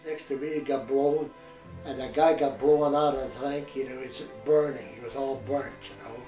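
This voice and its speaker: A man in his eighties from New Hampshire, a war veteran telling his story in a plain, halting way with restarts. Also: medium pitch, steady tone, dark tone, faint music behind. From New Hampshire, USA. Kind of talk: oral history recollection. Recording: echoey room, mic far off, some noise.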